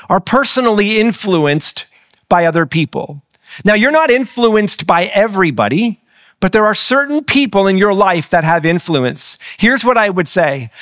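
A man's voice: high-pitched, a bit bright, dry recording, clean studio sound. A man preaching a sermon as pastor, asking the congregation questions as he goes. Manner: engaging, asks the congregation questions. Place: church with several campuses.

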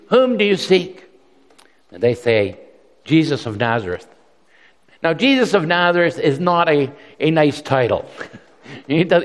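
In a room with a big, open sound, a man with a medium-pitched voice preaches a sermon conversationally. He often repeats words and gives lively voices to the quotes he relates.

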